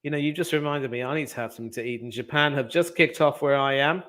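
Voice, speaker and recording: A man hosting a football watch-along over a video call, talking in a measured, thoughtful way with frequent pauses. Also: mid-range voice, bright, forceful tone. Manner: measured, thoughtful, hesitant with fillers. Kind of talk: casual match chat over video call.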